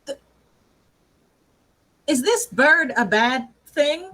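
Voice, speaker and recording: A woman's voice: high voice, big pitch swings, very slow, sharp tone. A woman playing in a tabletop role-playing game, anxious and wry, casually swearing.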